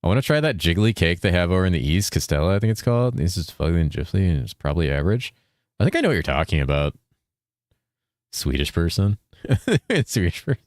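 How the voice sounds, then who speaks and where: Clean studio sound with no room sound captures a man from California streaming a game in a deep, animated, fast voice. He chats casually with his audience, reads their messages aloud, swears often and says "dude" all the time, all in a laid-back way.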